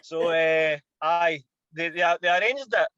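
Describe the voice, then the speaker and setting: A Scottish man in his thirties, a former footballer and podcast guest, telling an animated, sweary anecdote. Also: on the high side, measured pace, clean tone, no echo, dull audio. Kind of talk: casual storytelling.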